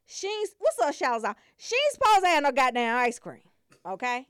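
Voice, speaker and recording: A woman's voice: sits high, normal speed, dry recording, clean studio sound. A woman telling a funny family story in a loose, casual way, laughing often and acting out her relatives. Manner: animated, laughs often, acts out family members. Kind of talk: comic storytelling.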